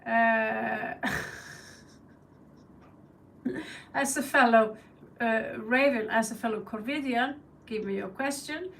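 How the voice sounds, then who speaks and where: Here a tarot reader from Norway chats loosely on her live stream, laughing, swearing, and doing crow calls. She speaks unhurriedly in a creaky, fairly bright voice on the high side. The rough recording is made far from the mic, with a little background noise.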